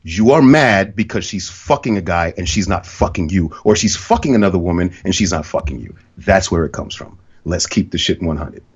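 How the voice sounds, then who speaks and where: A man's voice: low-pitched, animated, brisk, hardly any pauses, husky, highs cut off. A man hosting a podcast, talking bluntly and profanely in casual conversation. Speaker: podcast host.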